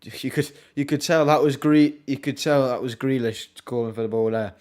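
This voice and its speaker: A young man, casually commentating on a football match live for his stream, with wry asides and quick reactions. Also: mid-range voice, a little mellow. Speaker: watchalong streamer.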